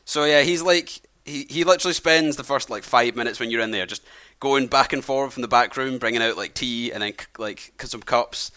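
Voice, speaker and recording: Rambling game master. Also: male voice, mid-range voice, fairly quick, few pauses, pushed and bright, smooth. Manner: loose and rambling, many fillers. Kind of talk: narrating a tabletop game.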